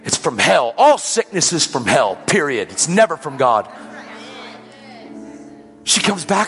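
A man preaching, telling a healing testimony as a lively story, acting out the people in it and repeating his praise with emphasis. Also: on the high side, a little slow, pauses often, long reverb tail, faint music behind. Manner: dramatic retelling that acts out the quoted voices.

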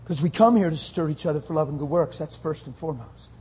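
A male pastor preaching a sermon, forceful and confrontational, often breaking into shouts. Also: on the high side, quick pace, a little hiss or hum.

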